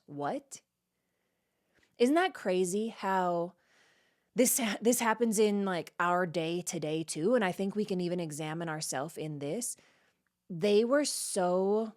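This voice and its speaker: A woman's voice: mid-range voice, a little mellow. Chatty woman teaching Bible study. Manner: conversational, reads a verse then reacts and explains in plain talk; frequent "like" and "right?" checks with the listener. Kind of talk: casual verse-by-verse Bible teaching.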